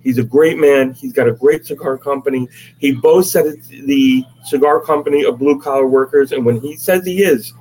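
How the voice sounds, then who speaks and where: A man co-hosting a relaxed group chat, speaking at a middle pitch and pressing his points home with emphatic asides. A faint background noise sits under his voice. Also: moderate pace, rough recording. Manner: emphatic storyteller. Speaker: podcast co-host.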